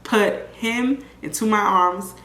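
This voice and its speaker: Animated young woman telling a story. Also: mid-range voice, takes it slowly. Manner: animated storyteller, acts out others' voices. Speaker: vlogger telling her own story. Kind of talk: casual storytime vlog. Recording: echoey room with faint ambient noise.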